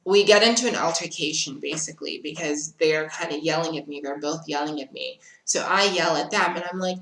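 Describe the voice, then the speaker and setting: A woman vlogger telling a personal story in an animated way and acting out what other people said. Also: sits low, brisk, hardly any pauses. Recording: roomy, echoey room.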